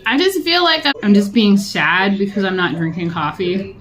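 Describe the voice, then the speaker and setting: A woman's voice: mid-range voice, lively intonation, normal speed, fairly bright tone. A young adult woman vlogging casually while eating, rambling and chatty, often laughing.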